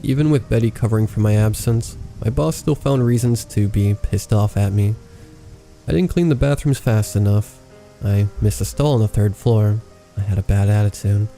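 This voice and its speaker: A man reading a horror story aloud as narrator, in a calm, measured way. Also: fairly low pitch, creaky. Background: faint rain ambience.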